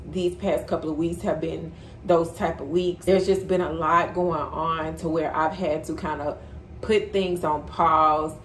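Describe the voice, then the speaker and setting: Chatty young woman with a lowish voice. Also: a little hiss or hum. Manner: candid, chatty, slangy. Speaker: vlogger. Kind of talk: casual chat to camera. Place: bedroom floor at home.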